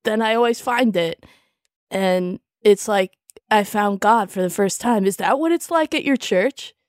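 A woman's voice: medium pitch, a little slow, no room sound, studio quality, close to an everyday voice. A woman playing a goofy, eager adventurer raised by pigs in an improvised comedy role-play, giggly and rambling. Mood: earnest.

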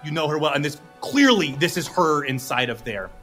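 A male game master narrates a tabletop game, his bright, fairly high voice rising and falling a great deal. He rambles through fillers and laughs as he goes. Soft music sits underneath. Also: sing-song, brisk.

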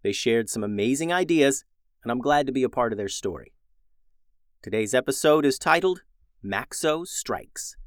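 A male host narrating a children's adventure story with gentle expression and lively, rising and falling intonation. His voice sits at an ordinary middle pitch. It is recorded close and dry, with no room sound. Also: normal speed, no echo.

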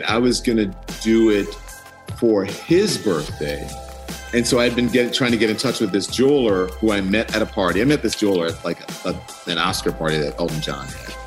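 Over soft background music, a man with a lowish voice speaks at normal speed. He's a news anchor guesting on a podcast, and he tells a personal story in an animated way, acting out the dialogue and laughing often.

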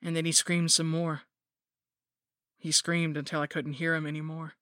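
Woman narrator, bright dry close read, measured and grim, horror podcast. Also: deep voice, level tone, dry recording.

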